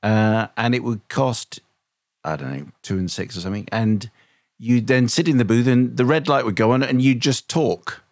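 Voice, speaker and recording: A man's voice: mid-range voice, normal speed, a little mellow, no room sound. Wry, self-deprecating male co-host, dry studio sound. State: voice tired and failing. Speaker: podcast co-host, radio presenter. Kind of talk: casual chat.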